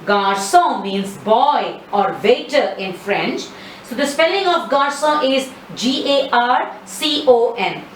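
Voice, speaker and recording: Slow, patient woman teaching French numbers. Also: on the high side, expressive. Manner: slow, patient, repeats words for practice. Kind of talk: slide-based language lesson. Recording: echoey room, mic at a distance, faint ambient noise.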